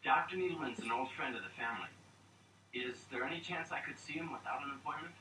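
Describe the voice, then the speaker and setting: Brief: an actor as a shy, hesitant young man, bright tone, roomy distant film audio. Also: medium pitch, fast, slight background noise, natural voice. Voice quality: hesitant, mild.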